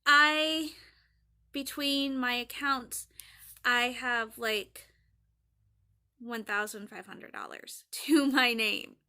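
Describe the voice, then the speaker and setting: A woman's voice: fairly high pitch, fairly even intonation, drawn-out words, long pauses, sharp tone, clear, resonant tone. A young woman in a casual diary vlog, rambling and chatty as she retells conversations. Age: young adult. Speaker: college student vlogger.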